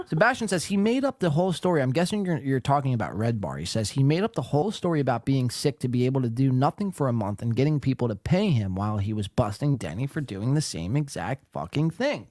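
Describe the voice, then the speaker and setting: Plain mid-voiced man, halting chat. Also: mid-range voice, very animated, a little mellow, no echo, clean studio sound. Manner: talks in fits and starts, swears, stumbles when flustered. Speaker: podcast host. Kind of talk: casual reaction chat.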